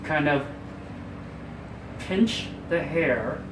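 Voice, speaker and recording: A man with a high-ish voice speaks very slowly while leading a step-by-step hair styling tutorial. He's a hairstylist with a chatty, coaxing manner and self-mocking asides, recorded in an echoey room with faint ambience and a noisy background.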